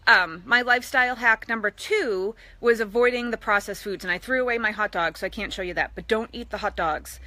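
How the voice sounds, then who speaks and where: A bright, crisp-voiced middle-aged woman talks straight to her viewers in a live social media video. She pitches a little high and keeps things chatty, slipping into playful voiced asides as she shares fitness tips. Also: brisk, hardly any pauses, no echo. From East Boston, USA. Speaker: fitness coach.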